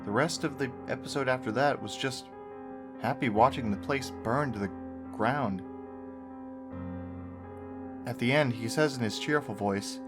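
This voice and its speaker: A man's voice: medium pitch, unhurried, pauses often. A man narrating a horror story, with dry, sarcastic asides. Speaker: creepypasta narrator. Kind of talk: story reading with commentary. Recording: guitar music under the voice.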